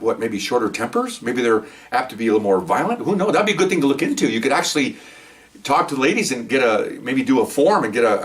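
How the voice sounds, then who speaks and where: An older man recounts his police days in a quick, rambling flow, circling back with asides and restarts. His voice sits a little away from the microphone, in a middle register. It sounds like casual storytelling straight to camera. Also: medium pitch, recorded from a distance. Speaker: retired police officer telling stories.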